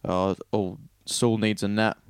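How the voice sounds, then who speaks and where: A man's voice: fairly low pitch, flat delivery, unhurried, clean tone, no echo, studio quality. A man in casual chat, retelling Bible stories irreverently with swearing and light character voices.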